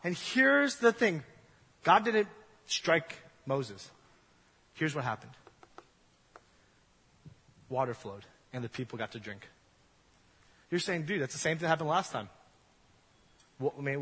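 A young man gives a casual, joking sermon in a church hall, acting out little scenes and voices as he tells stories. His high voice is bright and a little husky, very animated yet unhurried with frequent pauses, and long reverb rings off the hall's walls.

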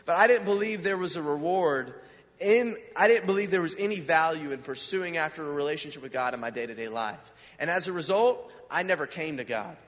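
A man preaches in a loose, conversational way, earnest and often turning questions back to his listeners. His voice sits high for a man. Long reverb from the hall trails behind him. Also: lively intonation, a little fast, a bit bright. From United States. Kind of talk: informal sermon.

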